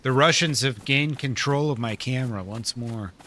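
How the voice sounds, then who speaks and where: A man's voice: mid-range voice, moderate pace, pushed and bright, slight background noise. A man live-streaming a survival game, chatting casually with his viewers, laid-back, laughing often and swearing freely.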